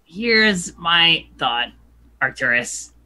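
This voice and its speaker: A woman playing a tabletop game, reasoning through a puzzle slowly and deliberately. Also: lowish voice, expressive, bright, forceful tone. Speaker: player. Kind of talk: casual tabletop game play.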